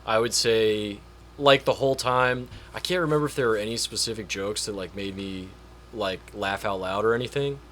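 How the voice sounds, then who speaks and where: A man's voice: fairly low pitch, moderate pace, fairly bright tone, a little hiss or hum. A man chatting casually on a podcast, rambling with lots of repeats and fillers. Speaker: podcast guest. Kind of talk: casual chat.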